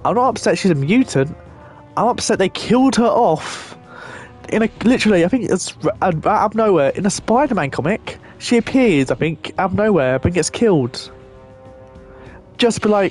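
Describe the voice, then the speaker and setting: A man's voice: on the high side, lively intonation, moderate pace, a little mellow. Rambling young man over game music. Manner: rambling, chatty, swears casually. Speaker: gaming channel host. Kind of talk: casual gameplay commentary.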